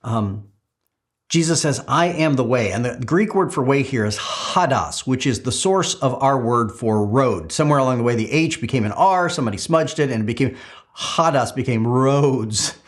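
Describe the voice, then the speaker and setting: A man's voice: mid-range voice, animated, normal speed. A middle-aged man preaching a sermon as pastor, telling stories with frequent "uh"s and restarts. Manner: storytelling, with frequent filler "uh"s and restarts.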